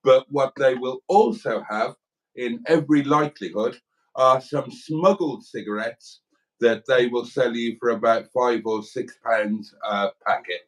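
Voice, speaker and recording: A man's voice: mid-range voice, a little slow, poor audio. A middle-aged man co-hosting a livestream, telling rambling, crude, joking anecdotes in casual banter. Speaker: livestream co-host.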